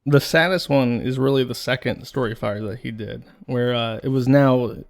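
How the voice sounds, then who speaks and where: A man's voice: mid-range voice, moderate pace, gravelly. A man co-hosting a podcast, talking bluntly and mockingly in casual commentary, with plenty of swearing. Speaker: podcast co-host.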